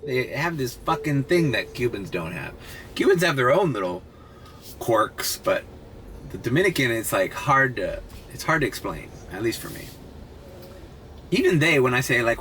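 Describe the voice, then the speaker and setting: A man's voice: mid-range voice, normal speed. A man talking casually and profanely as he vlogs while driving for rideshare. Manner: profane, rambling, animated when quoting others. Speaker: rideshare driver vlogger. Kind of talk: casual vlog monologue. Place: inside his car. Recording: car with loud road noise.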